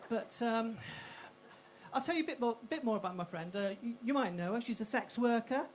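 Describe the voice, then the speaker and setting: A woman's voice: fairly high pitch, lively intonation, fairly quick. Brash woman doing stand-up. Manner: brash, punchy, self-mocking. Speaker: stand-up comedian. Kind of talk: stand-up comedy set. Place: comedy club stage.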